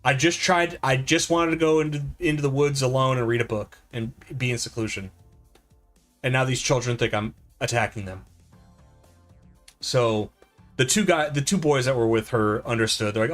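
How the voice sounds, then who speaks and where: A middle-aged man chatting on a live gameplay stream, his voice at an ordinary mid pitch. He rambles through stories with plenty of fillers and pokes fun at himself. Soft game music plays faintly underneath. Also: moderate pace. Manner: rambling, self-deprecating storytelling with lots of fillers. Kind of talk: casual live-stream chat over gameplay.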